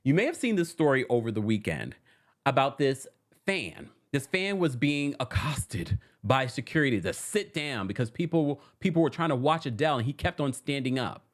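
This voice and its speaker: A host giving casual pop culture news commentary in a dramatic, animated way, laughing often. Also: medium pitch, normal speed.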